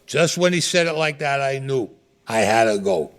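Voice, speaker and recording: A man's voice: mid-range voice, animated, normal speed, loud music behind the voice. A man, telling a story bluntly and profanely in an interview. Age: 70s. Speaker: interview guest.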